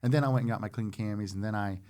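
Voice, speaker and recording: A man in his forties, a former Marine guest on a podcast, telling a story in a loose, animated way and acting out what others said. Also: lowish voice, rapid-fire, clear, resonant tone. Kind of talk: casual storytelling.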